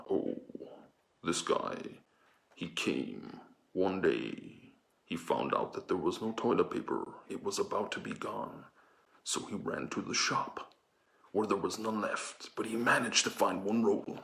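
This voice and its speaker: A man's voice: sits low, animated, measured pace, creaky, a bit bright, slight background noise. A man rambling playfully while hosting an improvised comedy vlog at home. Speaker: comedy channel host. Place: home indoors. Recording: echoey room.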